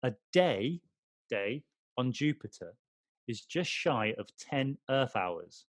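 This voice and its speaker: A man's voice: mid-range voice, animated, takes it slowly, fairly bright tone, no room sound. A man co-hosting a podcast in casual chat, teasing and playful in banter. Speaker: podcast co-host.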